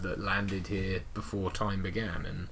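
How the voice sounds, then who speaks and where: A man with a very low, deep voice chatting casually about films as a podcast co-host. He wanders through his points, restarting sentences as he goes. A faint noise sits behind the recording. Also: little pitch movement, measured pace, creaky. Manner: rambling, self-correcting. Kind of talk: casual film chat.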